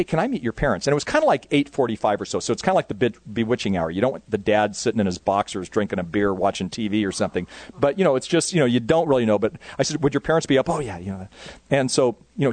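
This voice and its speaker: A man's voice: medium pitch, expressive, quick pace, darkish tone, no echo. A man speaking casually to youth workers at a conference, rambling with lots of fillers.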